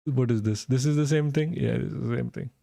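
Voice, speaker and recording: A man's voice: medium pitch, a little fast, vocal fry, dark tone, no echo, clean studio sound. A young man from India streaming, reading news aloud and reacting with sarcastic, swearing commentary and bursts of disbelieving laughter.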